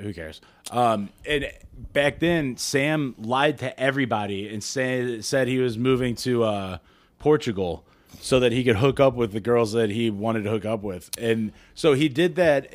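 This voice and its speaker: A man in his thirties co-hosting a casual podcast, telling stories with lots of swearing and acted-out quotes. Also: no room sound. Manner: profane, storytelling, acts out quotes in shrill voices. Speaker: podcast co-host.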